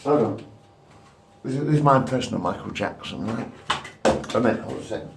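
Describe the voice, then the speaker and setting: A man's voice: medium pitch, lively intonation, fast, vocal fry, background noise. A man in his fifties rambling crudely and repetitively to a camera at home. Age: 50s. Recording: echoey room.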